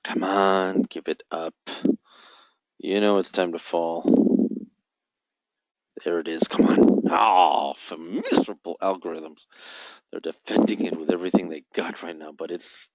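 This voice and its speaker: Hosting a live forex forecasting room, a man gives trading commentary, reading buy and sell volumes and muttering jabs at the market. He speaks in a low voice at a moderate pace, pausing often. The recording is dry with no echo, dull, and lo-fi.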